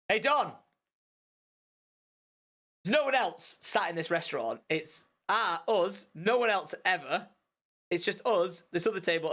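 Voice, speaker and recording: A young man chatting on a live stream. He tells an awkward story in an animated, rambling way, swearing freely and restarting his sentences. His voice sits a touch high for a man.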